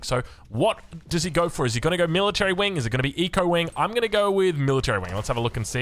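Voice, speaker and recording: Animated Australian man casting a strategy game. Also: on the high side, fast. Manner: chatty, rambling, casual asides. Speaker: game caster and coach. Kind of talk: casual game commentary.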